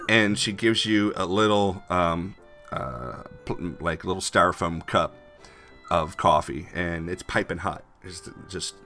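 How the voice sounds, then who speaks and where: A man's voice: low-pitched, unhurried, sharp tone, faint music behind. A man narrating a tabletop game as game master, in a rambling, filler-heavy way.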